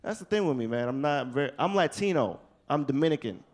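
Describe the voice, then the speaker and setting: Animated New stand-up comic. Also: male voice, mid-range voice, fast. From New York. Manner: casual, profane, animated storytelling. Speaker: stand-up comedian. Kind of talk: stand-up comedy set. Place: comedy club stage.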